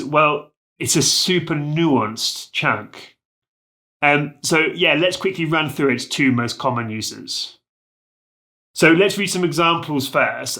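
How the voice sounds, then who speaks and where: A man's voice: medium pitch, sharp tone. A man giving a casual, upbeat video lesson on Spanish, chatting to viewers with lots of fillers. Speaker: Spanish teacher.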